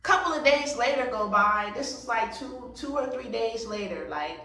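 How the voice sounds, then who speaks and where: A woman's voice: a little high, lively intonation, moderate pace, bright, forceful tone, far from the mic. A woman vlogger telling a story in a casual get-ready-with-me chat, blunt, profane and emphatic. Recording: very echoey room, voice set back from the mic.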